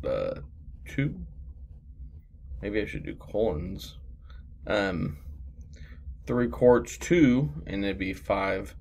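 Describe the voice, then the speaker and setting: A man's voice: low-pitched, vocal fry, darkish tone, a little hiss or hum. A man teaching a sixth grade math lesson in a casual, rambling, self-deprecating way, with lots of fillers, recorded at his computer.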